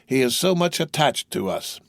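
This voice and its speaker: A frail, humble old father, as a man reads him, gentle and soft-spoken. He talks modestly, with a lively rise and fall in pitch, in this audiobook recorded with a close, dry sound. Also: normal speed, gravelly, no echo.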